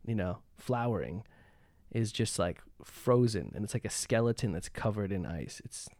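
A man from Canada, a composer and guest on a podcast, explaining things in a relaxed casual chat. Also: fairly low pitch, normal speed, no room sound, studio quality. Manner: relaxed, explanatory, soft-spoken at times.

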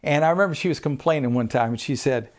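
Preaching fast, a male pastor pushes his voice up on scripture and drops it low for stress during his sermon.

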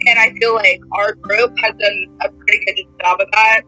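A woman's voice: mid-range voice, steady tone, moderate pace, bright, forceful tone, faint music behind, poor audio. A young woman on a casual faith chat, speaking hesitantly and filling her sentences with "like". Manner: hesitant, full of likes. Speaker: guest.

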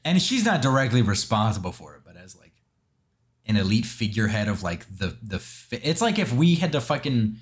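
A man's voice: fairly low pitch, sing-song, fairly quick. A young man hosting a casual podcast, swearing freely and explaining things at length. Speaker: podcast host. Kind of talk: casual chat.

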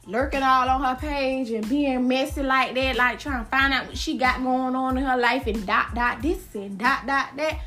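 Sassy high-voiced woman podcaster. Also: steady tone, moderate pace, few pauses, bright, forceful tone, faint music behind. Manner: sassy, repeats lines for emphasis, slangy. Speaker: podcast host. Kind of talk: casual solo gossip podcast.

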